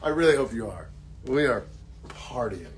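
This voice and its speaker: A man with a fairly high-pitched voice chats casually on a live stream while he signs autographs. He jokes about himself and thanks each fan warmly. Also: expressive, unhurried, slight background noise. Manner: jokey, self-mocking, warm thanks.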